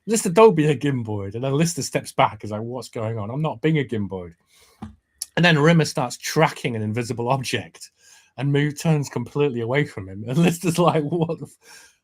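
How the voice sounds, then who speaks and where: A man co-hosting a casual podcast chat, retelling scenes in an animated way and laughing as he quotes the lines. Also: mid-range voice. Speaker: podcast co-host.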